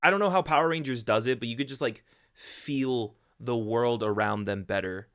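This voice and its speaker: A man's voice: mid-range voice, normal speed, a bit bright, smooth. Chatty male reviewer, faint music under. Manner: rambling, self-correcting with filler asides. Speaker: video reviewer. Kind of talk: casual review narration.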